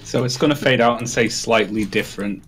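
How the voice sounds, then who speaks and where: A man's voice: medium pitch, brisk, a bit bright. A man chatting on a game stream, asking wry, teasing questions. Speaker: stream co-host. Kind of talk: casual gaming stream chat.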